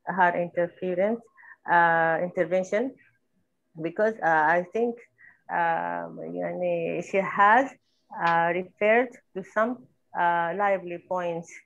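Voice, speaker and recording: Arabic-speaking woman on a call, lowish voice, muffled lo-fi sound, halting and drops arabic words in. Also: creaky, fairly bright tone, slight background noise. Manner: halting, slips into Arabic phrases. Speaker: discussion participant. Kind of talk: online group discussion.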